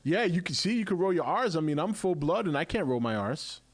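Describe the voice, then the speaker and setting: A man's voice: on the high side, very animated, brisk. Man, live stream host, chatty, laughs a lot, casual. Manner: chatty, laughs often, restarts sentences.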